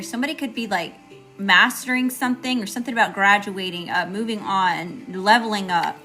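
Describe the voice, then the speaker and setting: A woman with a Southern accent doing a live tarot reading, chatty and casual, greeting viewers by name between cards. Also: medium pitch. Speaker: tarot reader.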